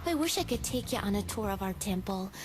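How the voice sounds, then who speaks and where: A woman's voice: medium pitch, expressive, fairly quick, natural voice. A woman voicing a giggly, flirty fawn. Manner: playful, teasing, giggly. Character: flirty female fawn from a temple. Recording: game audio with loud music behind.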